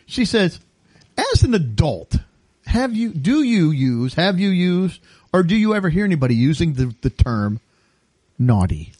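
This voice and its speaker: A man hosting a casual podcast chat, his voice sitting a little high for a man. He tells stories with big swings in pitch and laughs often. The sound is dry and close. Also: unhurried, dry recording. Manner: laughs often, animated storytelling. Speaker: podcast host.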